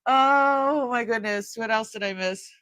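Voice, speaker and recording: A woman's voice: on the high side, unhurried, a bit bright, smooth, dry recording. A middle-aged woman hosting a live jewelry sale, chatting casually with her viewers, often laughing and trailing off mid-sentence. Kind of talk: casual live-stream chat.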